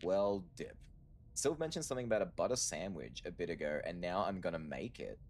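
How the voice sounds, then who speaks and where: A man's voice: deep voice, animated, a little fast, a little mellow, a little hiss or hum. A man chatting casually while streaming a game, with laid-back joking asides. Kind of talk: casual gameplay commentary.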